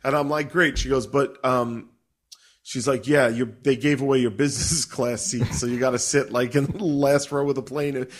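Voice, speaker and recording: A middle-aged man telling a story in a casual, profane and animated way, laughing as he goes. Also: medium pitch, moderate pace. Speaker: podcast co-host.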